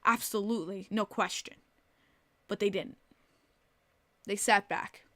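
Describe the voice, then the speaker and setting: Blunt, animated New woman podcaster. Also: medium pitch, measured pace, dry recording. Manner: blunt, animated, swears freely, reads chat aloud. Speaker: podcast host. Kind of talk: casual live-stream podcast chat.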